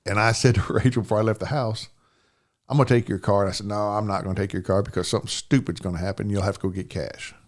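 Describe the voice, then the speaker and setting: A man's voice: on the low side, fairly even intonation, quick pace. An older man, a podcast guest telling a personal story in plain, rambling speech, often asking "you know what I'm saying".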